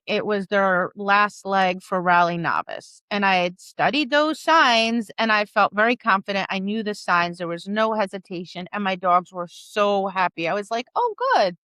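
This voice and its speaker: This dog training podcast co-host is a woman who narrates stories casually and energetically, switching into quick voices for people and dogs. She speaks in a mid-range, clean tone with no room sound.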